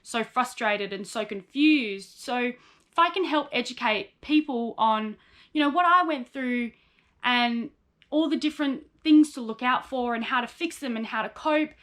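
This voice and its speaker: A woman's voice: a little high, a little slow, fairly bright tone. A young woman, a psychologist in training, talking candidly and with feeling about her own story in a personal vlog, often quoting herself and others.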